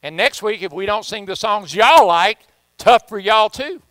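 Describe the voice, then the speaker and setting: A man's voice: high-pitched, lively intonation, normal speed, sharp tone, no echo, poor audio. A man with a Southern US accent preaching a sermon as pastor, folksy and joking, often repeating himself.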